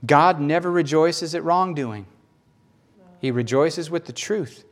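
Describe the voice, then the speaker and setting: A man with a Southern US accent preaching a sermon, animated and folksy, acting out little voices and jokes. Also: on the high side, slow pace. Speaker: pastor.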